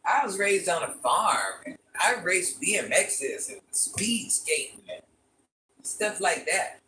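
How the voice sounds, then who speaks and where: Speaking slowly in a fairly low, bright and forceful voice with big pitch swings, an older woman hosts a casual live stream. She chats with viewers and repeatedly asks them to like and subscribe. She sounds far away in an echoey room, with a little hiss or hum.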